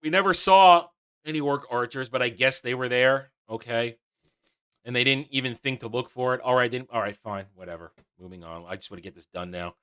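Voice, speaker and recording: A man's voice: mid-range voice, fairly quick, a bit bright, clear, resonant tone. A man reviewing a TV episode, sarcastic and exasperated, recapping scenes with frequent restarts. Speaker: YouTube reviewer.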